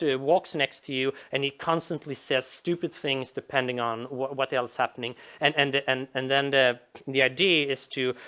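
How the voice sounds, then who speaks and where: Low-voiced woman rambling about game design. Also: fairly bright tone. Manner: rambling, with many repeated words and restarts. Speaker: video essayist. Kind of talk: casual game design commentary.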